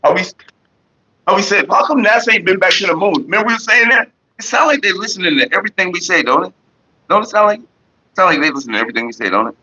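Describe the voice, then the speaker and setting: A man's voice: high voice, animated, quick pace, sharp tone, slightly rough. A man hosting a casual livestream, telling loose stories and greeting viewers in the chat. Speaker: livestream host. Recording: dull lo-fi stream audio.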